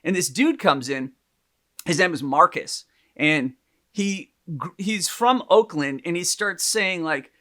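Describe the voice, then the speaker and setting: A man's voice: a little high, lively intonation, slow pace, sharp tone. A man co-hosting a podcast, telling a story in casual chat with lots of laughs and restarts. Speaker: podcast co-host, psychologist.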